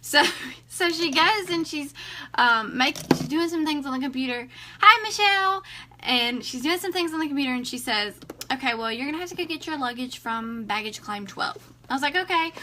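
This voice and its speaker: A woman's voice: high-pitched, brisk, noisy background. A woman, a vlogger telling a story casually to her viewers and acting out the dialogue. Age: 20s. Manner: chatty, animated, acts out dialogue.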